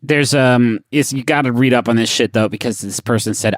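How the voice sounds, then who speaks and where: A man's voice: mid-range voice, a little fast, few pauses, no room sound, studio quality. A man co-hosting a comedy podcast, reading web articles aloud and riffing on them with crude jokes. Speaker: podcast co-host.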